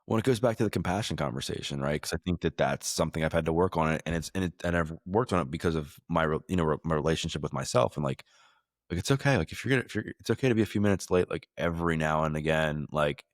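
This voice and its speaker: A man hosts a podcast in a loose, rambling way, circling back with restarts and fillers. His voice is extremely low. The sound is dry and close. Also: fast talker, no echo. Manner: rambling, many likes and restarts. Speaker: podcast host. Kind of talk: casual interview chat.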